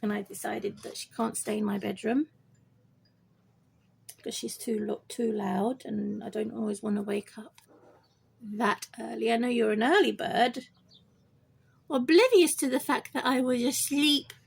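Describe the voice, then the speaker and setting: A woman's voice: measured pace, vocal fry, pauses often, husky. A woman rambling to camera about her pet bird, repeating herself and turning to talk straight to the bird. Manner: rambling, repetitive, talks to her bird in a high sing-song. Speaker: pet owner vlogger.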